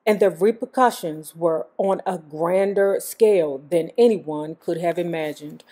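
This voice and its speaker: A woman's voice: medium pitch, darkish tone. A woman host reading a memoir aloud, breaking off for blunt, joking commentary. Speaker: YouTube host.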